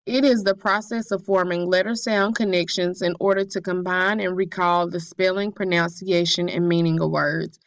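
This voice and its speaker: A woman's voice: lowish voice, steady tone, moderate pace, few pauses, no echo. Woman reading a class presentation, dry. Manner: careful, read-aloud delivery with occasional slips. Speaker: student presenter.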